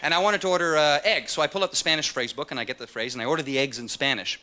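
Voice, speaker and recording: A man doing a stand-up comedy set on stage, acting out voices and shouts. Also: fairly high pitch, racing, slight background noise. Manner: animated, jumps into shouted voices for characters. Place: comedy club stage with audience laughter. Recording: live club recording, loud audience laughter.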